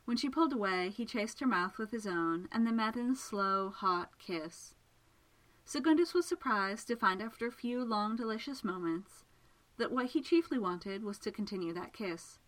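A woman narrating a romantic story aloud in a measured, smooth reading voice. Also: medium pitch, animated, fairly bright tone, rough recording.

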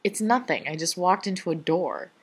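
A woman's voice: fairly low pitch, moderate pace, slightly rough. A woman voicing a tired, sheepish male officer who speaks feebly. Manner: feeble, lame, evasive.

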